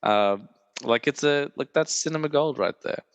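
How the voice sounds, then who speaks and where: A man's voice: on the high side, normal speed, smooth, no room sound, long reverb tail, highs cut off. A man hosting a film podcast, chatting casually with many "like" fillers and easy laughs. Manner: rambling, lots of "like" fillers, laughs often. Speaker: podcast host. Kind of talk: casual chat.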